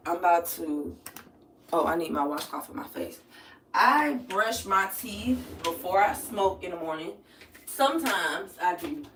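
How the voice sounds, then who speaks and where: A woman's voice: fairly low pitch, animated, unhurried, fairly bright tone, recorded from a distance, a little hiss or hum. An American woman chatting loosely with her live-stream viewers from home and swearing casually. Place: home, moving about the room. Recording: roomy sound, voice off the mic.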